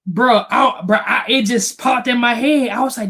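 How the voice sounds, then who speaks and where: On a podcast he co-hosts, this man talks in a very high, breathy-edged voice at a measured pace. In casual chat, he tells frank, profane stories about his childhood, candid and animated throughout.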